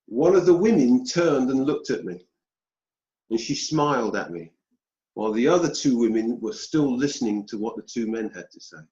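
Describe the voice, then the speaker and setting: A British man telling a personal story as an interview guest, slow and deliberate with pauses. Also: medium pitch, lively intonation, mellow. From United Kingdom. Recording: dull roomy sound.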